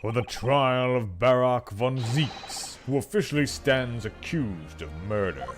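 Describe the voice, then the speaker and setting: A man voicing a stern older male chief justice who speaks in a grave, measured, formal way. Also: medium pitch, animated, music in the background, natural voice.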